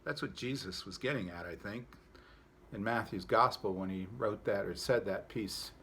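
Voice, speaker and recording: A pastor giving a devotional talk, telling a folksy story and then reflecting on it in a relaxed, conversational way. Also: male voice, fairly low pitch, moderate pace, a little hiss or hum.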